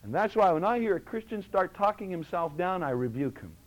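A man preaching from the pulpit with a high, lively voice. He swings between ringing exhortation and hushed, low asides, and his pitch leaps up and down all the time. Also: fairly quick, low-quality recording. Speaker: pastor. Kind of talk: sermon.

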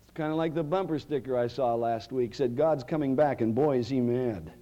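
A male pastor preaching a sermon in a church, swinging from loud, rising cries to hushed, quiet lines. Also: mid-range voice, a little fast, highs cut off.

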